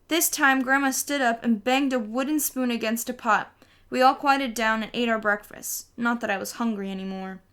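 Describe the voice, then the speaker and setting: A woman reading a children's novel aloud in a lively storytelling way. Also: fairly high pitch, moderate pace, clear, resonant tone. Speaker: audiobook reader.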